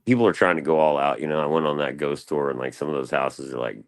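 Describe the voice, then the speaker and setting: A young man with a drawl and an extremely low, deep voice. He rambles through casual stories in a slangy, loose way, full of fillers and asides. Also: quick pace, hardly any pauses. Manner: laid-back, slangy, loose storytelling with lots of fillers. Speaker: guest on a live panel stream.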